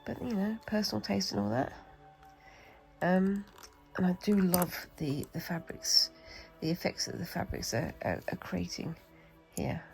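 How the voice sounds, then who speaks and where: A British woman with a cold talks her way through a craft demonstration, chatty and rambling as she mutters to herself over the work. Her voice sits low with a gravelly fry, and soft music plays faintly behind her. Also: a little slow, poor audio. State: has a cold. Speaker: craft vlogger. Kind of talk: casual demonstration while crafting.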